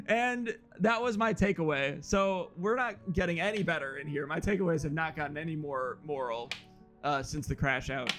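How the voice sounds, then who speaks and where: A man's voice: fairly high pitch, normal speed, fairly bright tone, soft background music. A man streamer chatting casually and rambling through a story with frequent chuckles.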